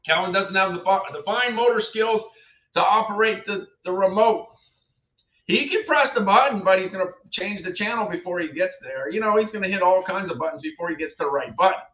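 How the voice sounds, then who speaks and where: A man's voice: high voice, brisk, pushed and bright. A middle-aged man hosting a casual livestream, chatting to viewers in a rambling way and repeating his phrases. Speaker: livestream host reviewing products. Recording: roomy, distant, dull lo-fi sound.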